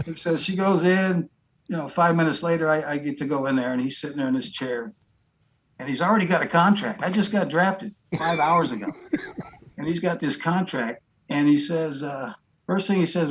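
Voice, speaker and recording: A man's voice: fairly high pitch, brisk, fairly bright tone, low-quality recording. A man guest on a podcast, telling stories in a blunt, plainspoken way. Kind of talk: casual storytelling.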